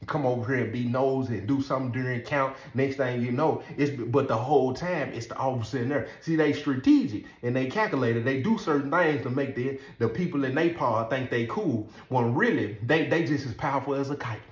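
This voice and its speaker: A man telling a story in a casual, animated way, laughing often and asking "you know what I'm saying". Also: mid-range voice, fairly quick, few pauses. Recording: roomy echo.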